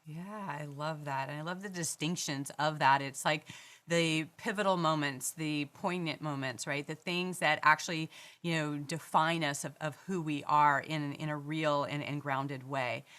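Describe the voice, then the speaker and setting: A woman's voice: deep voice, steady tone, moderate pace, a bit bright. A woman hosting a podcast, asking questions and answering with short affirmations. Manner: brief affirming responses and questions. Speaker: podcast host. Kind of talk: interview chat.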